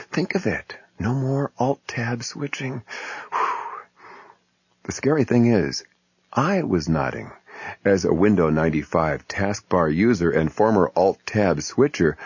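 A man reads a comic essay in a wry, deadpan way. His voice is deep and a little husky, and it rises and falls a lot. It sounds close and dry on a dull lo-fi recording. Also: no echo. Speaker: humor columnist reading his piece. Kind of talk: reading a humorous essay. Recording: muffled lo-fi recording.

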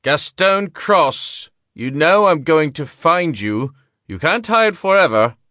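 Guy doing a high, loud gambler in a story, taunting and threatening. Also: animated, normal speed, no room sound, studio quality. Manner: taunting, then shaky and pleading. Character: menacing male gambler, armed and threatening.

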